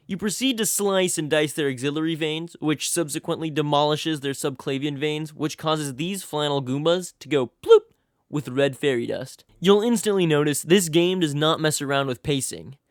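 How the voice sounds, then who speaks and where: A man's voice: on the high side, normal speed, dry recording, studio quality. A young man giving a comedic, scripted video game review voice-over, full of sarcastic hype and crude jokes.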